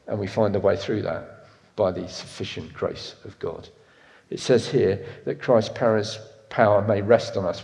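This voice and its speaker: A man in his fifties preaching a sermon, swinging from loud emphatic lines to soft, intimate ones. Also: on the low side. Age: 50s. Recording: echoey hall reverb.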